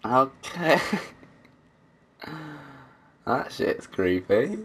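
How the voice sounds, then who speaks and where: A man's voice: medium pitch, very animated, very slow, breathy edge. A man casually commenting as he plays a game, swearing and joking to himself. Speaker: gamer. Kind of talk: let's play commentary.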